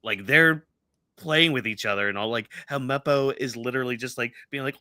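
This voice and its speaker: A man co-hosting a casual fan discussion show. His voice sits at a middle pitch and is recorded dry and close. He rambles, restarting sentences and leaning on fillers. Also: fairly quick, sharp tone, no room sound. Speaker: podcast co-host.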